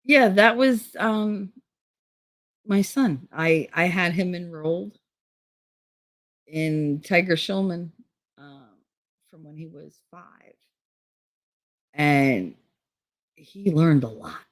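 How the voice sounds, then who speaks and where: A woman's voice: on the low side, expressive, slow, long pauses, dry recording. A middle-aged woman from Hoboken, telling stories in blunt, profane casual chat on her channel. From Hoboken, New Jersey. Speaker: channel host.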